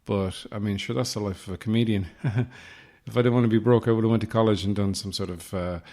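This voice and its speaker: A man hosting his own comedy podcast, rambling through deadpan absurd asides close to the mic. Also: lowish voice, fast. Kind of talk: solo comedic podcast monologue. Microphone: close podcast microphone.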